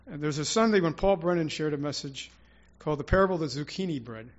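A man's voice: a little high, fast, muffled recording. A man preaching an informal, rambling sermon to his congregation, with prayerful asides and restarts. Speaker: church speaker.

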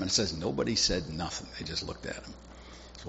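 A man's voice: lowish voice, creaky, dull audio, a little hiss or hum. A man preaching a sermon, retelling a Bible story and acting out the characters' lines. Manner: acts out characters' lines in quick animated voices.

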